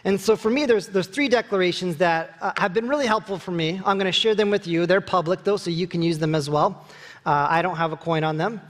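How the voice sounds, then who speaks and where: High-voiced pastor preaching in an echoing hall. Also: male voice, brisk. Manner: animated, acts out quoted lines with raised pitch. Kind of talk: sermon. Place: church sanctuary.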